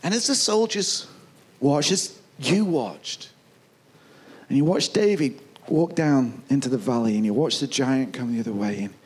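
A man preaching a sermon, retelling a Bible story with lively asides and putting on quick voices for the people in it. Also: mid-range voice, slightly rough. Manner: acts out voices of soldiers and kings; chuckles and asides.

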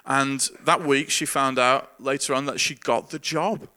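A pastor delivering a conversational sermon, his voice bright and ringing at a middle pitch. He preaches earnestly but informally, stumbling over repeated words and chuckling between thoughts. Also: fairly even intonation, a little slow.

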